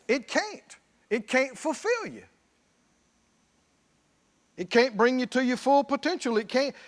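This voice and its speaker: A man preaching a sermon, emphatic, at times shouting and at times dropping low. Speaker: pastor.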